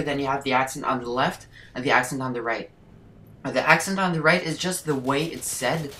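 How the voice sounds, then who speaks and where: Low-voiced Quebec French woman, rambling. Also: a bit bright, a little hiss or hum. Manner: rambling, loose, many "like"s. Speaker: gaming channel host. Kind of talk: casual commentary over gameplay.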